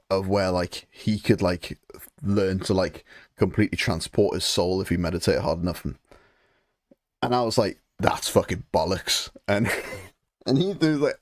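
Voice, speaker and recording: Low-voiced British man chatting while painting. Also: no room sound, clean studio sound. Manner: rambling, swearing, mock-grumbling, chatty. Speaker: live stream host painting miniatures. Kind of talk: casual live stream chat.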